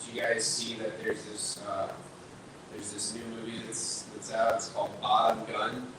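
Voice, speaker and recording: A man's voice: on the low side, monotone, moderate pace. Young man, stand-up, rambling and filler-heavy, far from the mic in a very echoey room. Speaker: stand-up comedian. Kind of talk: stand-up set at an open mic. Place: small bar performance space. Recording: echoey room picked up from afar, noisy.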